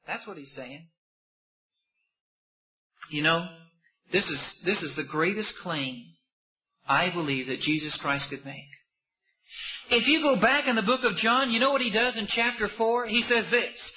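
A man preaching a sermon with impassioned rhetorical questions, swinging between loud emphasis and hushed asides. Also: sits high, animated, measured pace, long pauses, muffled recording.

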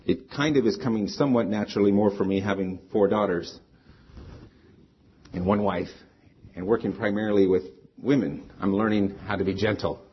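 A man's voice: on the low side, normal speed, breathy edge. A middle-aged man preaching a sermon as a pastor, earnest and conversational, weaving in personal stories. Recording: slightly dull lo-fi sound.

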